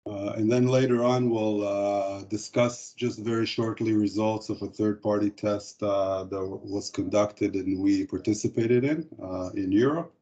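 A man presenting a corporate product webinar, speaking in a halting way with frequent hesitations. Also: fairly low pitch, fairly even intonation, mellow. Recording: dull lo-fi webinar audio.

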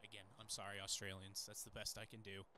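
A man's voice: fairly low pitch, little pitch movement, fast, sharp tone, slight background noise. Chatty man commentating a game. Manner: enthusiastic, chatty. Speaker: let's play host. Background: game music.

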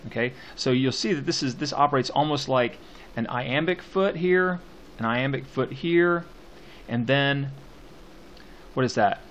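A man teaching a class on a poem, talking slowly and haltingly with many fillers, stopping to read lines aloud. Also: mid-range voice, fairly bright tone, slight background noise. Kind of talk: classroom poetry lecture.

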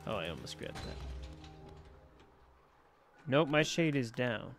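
A man's voice: mid-range voice, wildly swooping pitch, creaky, soft background music. Chatty man narrating his gameplay. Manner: chatty, talks to on-screen enemies, quick exclamations. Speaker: let's play gamer. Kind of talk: casual gameplay commentary. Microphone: personal desk mic.

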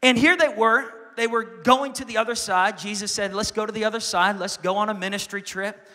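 A young man preaching a lively sermon as pastor, swinging from quiet asides to loud shouts. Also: high voice, brisk, in a large hall. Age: young adult.

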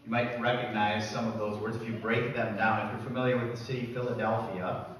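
A man preaching a sermon as pastor, emphatic, building to loud repeated declarations. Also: lowish voice, little pitch movement, a little fast, a little hiss or hum. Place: church sanctuary. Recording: echoey church from a distance.

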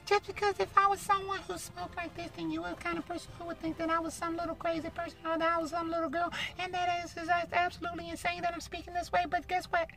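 A man voicing a sweet little girl character for a cartoon, in a high girlish squeak. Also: monotone, quick pace, hardly any pauses, over music. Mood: sweet, chatty. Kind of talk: cartoon voice acting.

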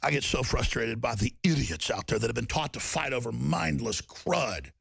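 A middle-aged man hosting a talk show, delivering an impassioned ranting monologue that swings from loud outbursts to low, intense passages. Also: animated, moderate pace, creaky, husky, no echo.

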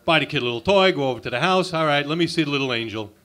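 A man working an open mic stage with a crude, abrasive insult routine. His voice sits a little high for a man, and he talks sarcastically into a handheld mic. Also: lively intonation, rapid-fire, a bit bright. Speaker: stand-up comic. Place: comedy club open mic.

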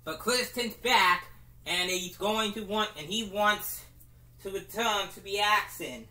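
Slow, halting home-made wrestling commentator. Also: medium pitch. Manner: halting, restarts, bursts of excitement. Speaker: play-by-play commentator of a toy wrestling show.

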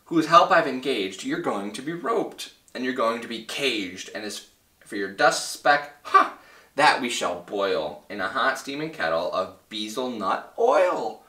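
A man's voice: mid-range voice, lively intonation, measured pace, bright, forceful tone. A man doing a snappish, bossy kangaroo. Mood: scolding. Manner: snappish, scolding. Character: big bossy scolding female kangaroo. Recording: roomy, from a distance.

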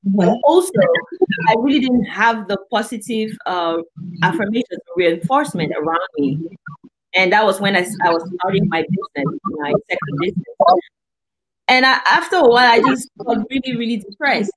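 A woman's voice: a little high, lively intonation, fairly bright tone, slightly rough, low-quality recording. A woman guest, a singer-songwriter from Cameroon, talking earnestly and reflectively about her song in a casual interview. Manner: earnest, reflective, speaks slowly.

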